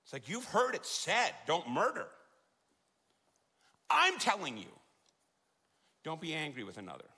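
A middle-aged man preaching a sermon in a large church, joking and then driving points home with loud emphasis. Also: fairly high pitch, moderate pace, pauses often, slightly rough. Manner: animated, jokey preaching with sudden loud emphasis. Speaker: pastor. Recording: long hall reverb.

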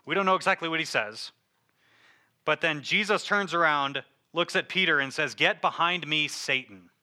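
Chatty, bright-voiced preacher man. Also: a little high, moderate pace. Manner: conversational, filler-heavy, joking asides. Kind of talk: casual sermon.

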